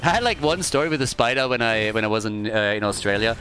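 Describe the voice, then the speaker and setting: A man casting a live video game match, talking casually, swearing freely and breaking into animated stories. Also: medium pitch, fast talker, slight background noise. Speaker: esports caster.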